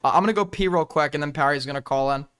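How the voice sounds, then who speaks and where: A young male streamer with a high, smooth, clean-sounding voice talks through a livestream in a loose, rambling way. He swears freely and keeps cutting himself off mid-thought to start again. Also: rapid-fire, fairly bright tone. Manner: profane, rambling, restarts mid-sentence. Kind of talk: casual livestream commentary.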